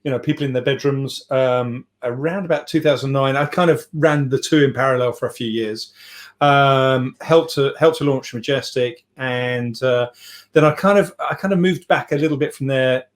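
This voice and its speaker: A man's voice: medium pitch, moderate pace. Middle-aged man, podcast guest on a remote call, loose rambling delivery with self-deprecating asides. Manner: rambling, self-deprecating, frequent restarts and fillers. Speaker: podcast guest, software CEO. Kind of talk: casual podcast chat.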